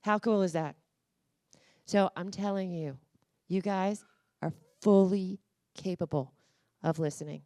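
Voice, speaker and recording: A woman speaker giving a motivational talk at a conference and coaxing the audience through voice exercises. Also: on the low side. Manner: energetic, coaxing, talks to the crowd directly. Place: conference room.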